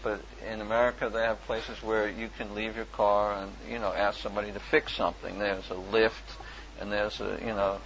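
A man's voice: fairly low pitch, creaky, a bit bright. A man casually recounting an anecdote as a volunteer, rambling with many fillers and chuckles. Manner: rambling, full of "you know", chuckling. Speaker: volunteer book distributor telling an anecdote. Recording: dull lo-fi recording with faint hiss.

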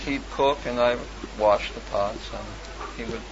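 A man's voice: medium pitch, moderate pace, very noisy. A man telling a personal story in a casual, rambling way, full of fillers and restarts and with frequent chuckles. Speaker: storyteller recalling his past. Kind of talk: casual spoken memoir. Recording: lo-fi with clear background ambience.

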